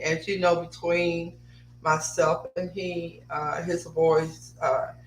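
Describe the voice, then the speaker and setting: A woman's voice: fairly low pitch, fairly bright tone. A woman hosting a podcast with her son, chatting casually with many fillers and reading notes aloud. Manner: chatty, rambling, with frequent fillers. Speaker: podcast host and mother. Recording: roomy echo, distant mic, faint hum.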